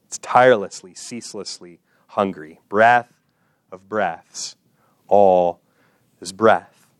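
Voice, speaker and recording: A male pastor preaching a sermon, speaking directly to his listeners with questions and slowing down to repeat key phrases with emphasis. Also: lowish voice, dry recording, clean studio sound. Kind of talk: expository sermon.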